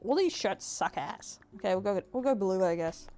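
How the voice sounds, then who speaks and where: A woman's voice: medium pitch, lively intonation, normal speed, dark tone, faint music behind. A young Australian woman with an Australian accent, live-streaming a game and chatting with her viewers, swearing and teasing them. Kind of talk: live-streamed gameplay chat.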